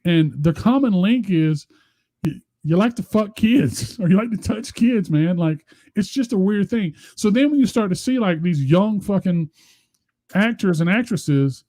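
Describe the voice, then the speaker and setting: Podcast co-host, male, mellow and a bit high, foul-mouthed and rambling. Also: lively intonation, measured pace. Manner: swears constantly, heated and rambling. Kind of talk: casual chat.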